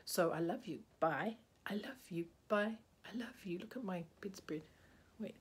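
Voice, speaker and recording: A woman's voice: medium pitch, animated, normal speed, a little hiss or hum. A woman vlogging casually indoors, rambling and chatty, sleepy and yawning. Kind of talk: casual video-reply vlog. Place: indoors, bedroom with a bedspread.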